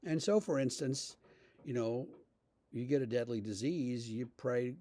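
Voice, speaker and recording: A male pastor giving a relaxed, conversational devotional talk, telling stories with frequent fillers. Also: mid-range voice, unhurried.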